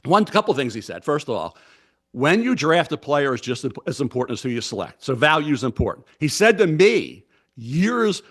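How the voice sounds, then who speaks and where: Fast-rambling Baltimore man, older. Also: fairly high pitch, big pitch swings, fairly bright tone. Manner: rapid, rambling, name-dropping. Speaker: guest, draft analyst. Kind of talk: casual radio interview chat.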